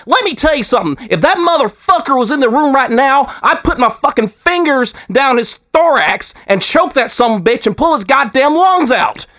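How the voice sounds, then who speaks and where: A man voicing a hot-tempered old-school wrestling reviewer with a crisp Kentucky drawl who launches into profane rants. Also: very high-pitched, lively intonation, brisk, fairly bright tone, voice pushed up. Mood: enraged. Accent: Kentucky Southern drawl. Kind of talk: podcast character voice.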